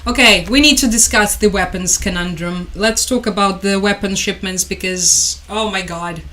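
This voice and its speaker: A woman's voice: medium pitch, moderate pace, pushed and bright. Woman, chatty sarcastic vlogger commenting on the news. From Ukraine. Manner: chatty, sarcastic, laughs often.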